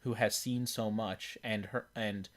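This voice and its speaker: A man's voice: fairly low pitch, steady tone, measured pace. Rambling man in casual chat. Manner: rambling, many fillers and restarts. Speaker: podcast co-host. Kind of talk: casual chat about video games.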